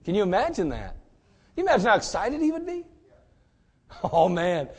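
Male preacher, high voice, animated delivery with rhetorical questions, sermon style. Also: normal speed, breathy edge. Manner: animated, swings from quiet to shouting.

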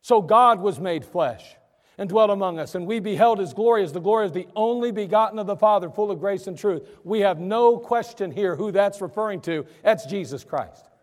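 A man's voice: sits high, expressive, normal speed, big-room sound. A male pastor preaching a sermon in an emphatic, conversational way, acting out his listeners' objections. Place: church.

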